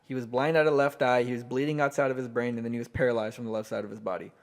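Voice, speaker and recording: A man's voice: mid-range voice, steady tone, very fast. A man co-hosting a casual wrestling podcast, telling stories in a heartfelt, profane way. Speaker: podcast co-host. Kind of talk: casual chat.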